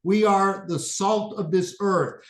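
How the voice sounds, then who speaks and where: A man in his late fifties speaks with a Boston accent, his voice notably high for a man. He tells his story in an earnest, emphatic way. The sound carries a roomy echo. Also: steady tone, slow. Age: 50s. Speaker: guest, functional medicine practitioner. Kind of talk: interview conversation.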